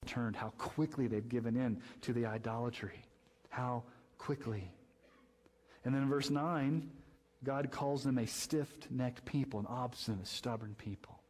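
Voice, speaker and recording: A man's voice: a little slow, poor audio. Impassioned male pastor preaching a sermon. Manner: impassioned preaching, climbs high and loud when stressing points.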